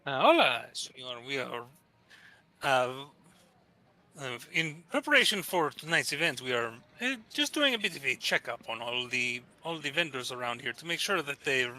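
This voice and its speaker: A man playing in a tabletop game, speaking in character with formal, halting phrasing and many hesitations. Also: medium pitch, big pitch swings, bright, forceful tone, rough recording. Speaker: player.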